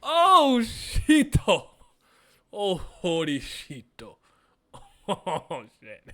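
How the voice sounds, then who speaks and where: An excitable man talking through a casual reaction, slangy and quick to laugh. His voice sits a little high, and it is bright and forceful. He often jumps up into sharp yelps. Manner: slangy and profane banter. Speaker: webcomic reaction host.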